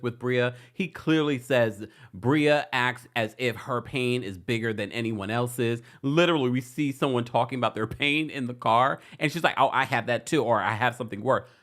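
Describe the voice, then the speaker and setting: A man's voice: medium pitch, fairly bright tone. A man hosting a casual recap stream, laughing often and reading out viewer comments. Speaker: host. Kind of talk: casual recap livestream chat.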